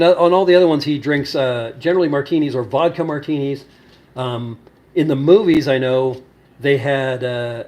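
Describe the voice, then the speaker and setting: A man hosts a home cocktail show and talks casually to the camera. His voice sits a little on the high side, and he rambles through his story with frequent fillers and false starts. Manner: rambling, many fillers and restarts.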